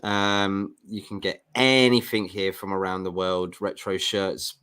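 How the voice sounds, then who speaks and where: A man's voice: sits low, level tone, unhurried, a bit bright, clean tone. A man hosting a casual football podcast, chatty and jokey, rambling a little as he talks. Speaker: podcast host.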